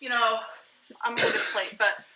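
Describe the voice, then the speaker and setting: A woman's voice: a little high, fairly even intonation, a little fast, echoey room, noisy background. A woman talking candidly while cooking in a vlog, out of breath and self-mocking. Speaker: vlogger in a played clip.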